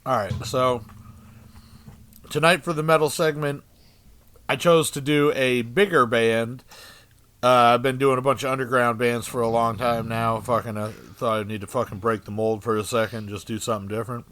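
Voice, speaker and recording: A man's voice: mid-range voice, little pitch movement, normal speed, fairly bright tone. A man co-hosting a podcast, talking casually and profanely with lots of fillers. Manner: laid-back, profane, filler-heavy. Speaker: podcast co-host. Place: studio.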